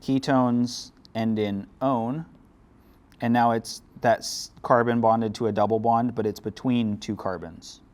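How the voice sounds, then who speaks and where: A man's voice: mid-range voice, fairly even intonation, unhurried, hardly any pauses, a little mellow. A man teaching a chemistry lecture, explaining step by step in a casual way with dry sarcasm. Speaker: chemistry instructor. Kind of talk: classroom lecture.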